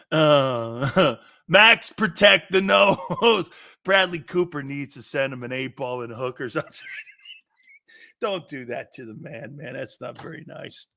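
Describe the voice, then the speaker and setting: A man hosting a sports talk show, telling stories loudly and laughing often between lines. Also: mid-range voice, slow, creaky, pauses often. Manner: loud, laughing, storytelling.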